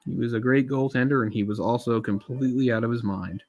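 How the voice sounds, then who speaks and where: A man talks over a movie in loose, chatty live commentary, drifting into tangents and filling gaps with "like." He sounds a little under the weather and keeps swallowing between thoughts, at an ordinary, middling pitch. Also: fast, darkish tone, highs cut off. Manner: rambling, chatty, lots of asides and fillers. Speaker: streamer doing live film commentary.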